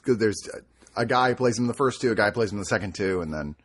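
A man hosts a podcast in loose casual chat, his voice a little husky. His pitch swings widely as he rambles, restarts and swears. He sounds animated throughout. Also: rapid-fire. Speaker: podcast host.

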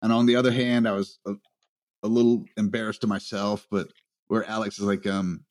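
A man's voice: fairly low pitch, flat delivery, a little fast, a little mellow. Chuckling male podcast host. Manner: self-deprecating, chuckling. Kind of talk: casual chat.

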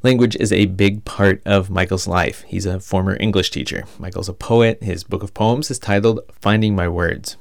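Deep, gravelly male reporter narrating. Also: steady tone, no echo, studio quality. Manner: measured, reads from a script. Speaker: radio reporter. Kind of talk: scripted narration.

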